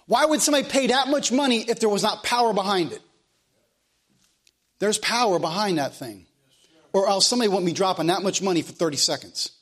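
A man's voice: high-pitched, animated, a little fast, fairly bright tone. A man preaching a sermon as pastor of a church, in plain country speech, asking the room question after question.

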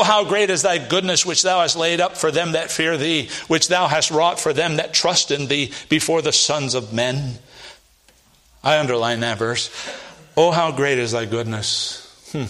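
A male preacher walks his congregation through scripture in a bright, slightly raised voice. He reads the verses with rising force and then sinks into soft, low asides. He questions his listeners and answers himself. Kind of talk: sermon, reading and expounding scripture.

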